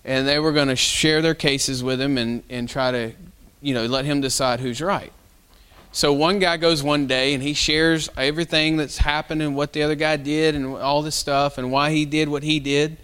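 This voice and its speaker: A man's voice: fairly high pitch, steady tone, normal speed, a bit bright, smooth. A male pastor giving a sermon in a folksy, conversational style, telling stories with casual fillers.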